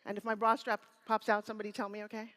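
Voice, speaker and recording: Woman, fifties, motivational speaker, bright, energetic, teasing, call-and-response, live stage, light reverb. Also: medium pitch, rapid-fire. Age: 50s. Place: stage before a live audience in a hall. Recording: room reverb.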